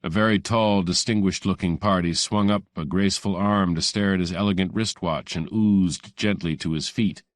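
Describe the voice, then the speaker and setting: A man's voice: deep voice, steady tone, normal speed, hardly any pauses, no room sound. A man narrating a hardboiled novel in the first person, dry and understated. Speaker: audiobook narrator.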